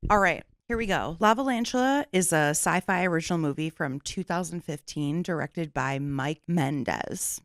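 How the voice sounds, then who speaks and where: A woman's voice: low-pitched, unhurried. A young woman hosting a podcast in casual chat, playful, laughing often and swearing freely. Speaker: podcast host.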